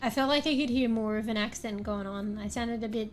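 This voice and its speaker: A woman's voice: a little high, brisk, faint music behind. A young Australian woman streaming from home, chatting loosely with her viewers, rambling and swearing casually between laughs. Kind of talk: casual livestream chat. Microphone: new desk microphone, close.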